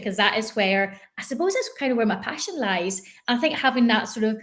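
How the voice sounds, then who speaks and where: A woman's voice: on the high side, brisk. Chatty Northern Irish woman coach. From Northern Ireland. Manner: chatty, animated, many fillers and restarts. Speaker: guest, business coach. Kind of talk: conversational interview.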